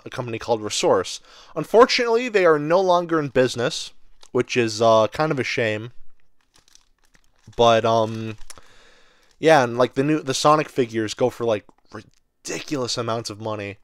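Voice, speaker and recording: A man of twenty rambling excitedly with many fillers while unboxing collectible figures in a casual vlog. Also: mid-range voice, dry recording, studio quality. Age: 20s. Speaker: toy reviewer.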